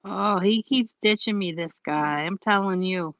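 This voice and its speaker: A woman's voice: medium pitch, unhurried, no room sound, dull audio. A tired woman chatting casually as a livestream guest, rambling and laughing often, her voice worn from lack of sleep. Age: adult with a child. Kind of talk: casual chat.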